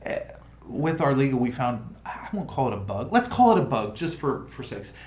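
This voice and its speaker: A man hosting a casual livestream chat, talking in an animated, rambling way full of restarts. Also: mid-range voice, normal speed. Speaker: crypto project host. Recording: roomy room with faint noise.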